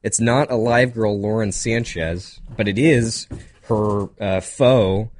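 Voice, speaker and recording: A young man co-hosting a casual podcast, rambling through topics with quick asides, laughs and a slightly nasal voice. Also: lowish voice, darkish tone. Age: young adult. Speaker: podcast co-host. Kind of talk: casual chat.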